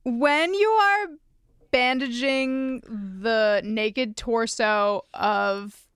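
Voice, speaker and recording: A woman co-hosting a podcast in relaxed chat. She talks slowly in a high voice, quizzing the others, and the sound is close and dry. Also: clean tone, no echo. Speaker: podcast co-host.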